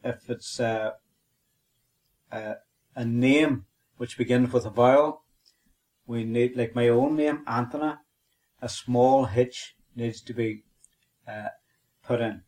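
A man's voice: mid-range voice, fairly even intonation, slow pace, pauses often, darkish tone. A man with a Northern Irish accent co-hosting a podcast, teaching a language lesson methodically and spelling and repeating words.

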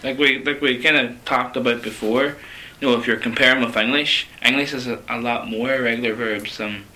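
A man's voice: medium pitch, steady tone, brisk, pushed and bright, rough recording. A man co-hosting a radio language lesson, chatty, chiming in with short questions and agreement. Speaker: radio host. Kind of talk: casual co-host chat.

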